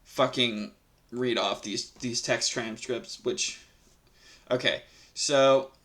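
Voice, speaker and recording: Man, reddit story reader, bright sharp tone, swears a lot, rambling and irritated, loose casual delivery. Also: mid-range voice, fairly even intonation, takes it slowly. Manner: profane, irritated ranting; rambling with many fillers. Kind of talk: casual story reading with commentary.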